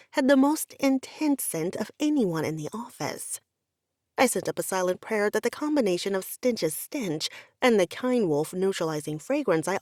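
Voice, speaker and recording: Expressive woman reading an audiobook. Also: a little high, no room sound, clean studio sound. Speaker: audiobook narrator. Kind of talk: first-person romance audiobook narration.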